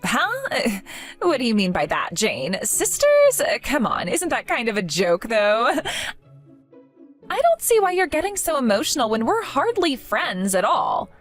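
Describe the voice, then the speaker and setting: Mocking young woman, cruel and condescending, read by a woman. Lively, higher voice, faint music behind. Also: a little slow. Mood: sneering. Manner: sneering, condescending. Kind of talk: scripted audio drama.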